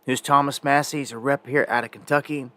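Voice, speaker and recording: A man's voice: medium pitch, fairly even intonation, brisk, pushed and bright. A man hosting a live independent news show, talking in a rambling, conversational way with many fillers and restarts. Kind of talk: casual live news commentary.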